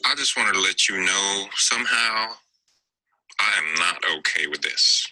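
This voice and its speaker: A man's voice: low-pitched, measured pace, pushed and bright, full character voice, poor audio. A man reading a comic poem in a put-on Southern accent, voicing a prim, indignant Southern Baptist church girl. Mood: mock-indignant. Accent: put-on American Southern. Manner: mock-indignant, sing-song recital.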